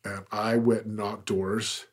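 Speaking slowly in a lowish, level tone, this podcast guest in his forties shares his story conversationally. He's earnest and emphatic, his intensity building as he talks.

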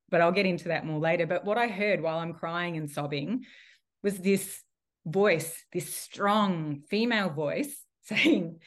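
A woman being interviewed on a podcast, telling a personal story in a lively way and laughing often. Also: lowish voice, normal speed. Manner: animated storytelling with frequent laughter. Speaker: guest, priestess and healer.

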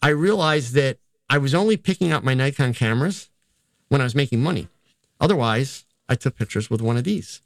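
Older man, photographer, rambling, self-mocking, casual storytelling, medium pitch, dry close sound. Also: lively intonation, fairly quick, no echo. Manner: rambling and self-deprecating, quotes himself. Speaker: photographer and educator.

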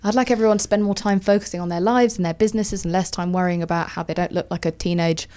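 A woman's voice: lowish voice, steady tone, fast, darkish tone. A woman, a podcast guest in casual chat, wry and emphatic.

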